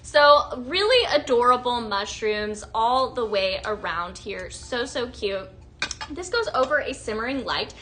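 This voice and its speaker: A woman's voice: on the high side, animated, unhurried, background noise. A young woman hosting a live sales demonstration, gushing and chatting with viewers as she shows products. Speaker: home fragrance product presenter.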